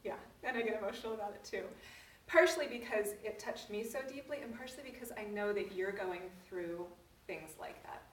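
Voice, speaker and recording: A woman's voice: medium pitch, a little fast, a little hiss or hum. A middle-aged woman hosting a parenting workshop, telling personal stories earnestly to a live group. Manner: earnest, personal storytelling with laughs. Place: room with an audience. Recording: echoey room, voice from a distance.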